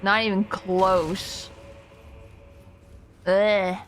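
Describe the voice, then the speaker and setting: A woman streaming a game, chatting casually, humming to herself and yelling at enemies. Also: medium pitch, flat delivery, very slow, soft background music. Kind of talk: casual gameplay commentary.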